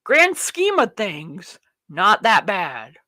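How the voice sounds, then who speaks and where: A woman's voice: medium pitch, huge pitch swings, extremely slow, pushed and bright, no echo. A woman hosting a livestream talk show, ranting bluntly and swearing freely, rambling with restarts and talking to herself. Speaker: show host. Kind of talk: livestream commentary.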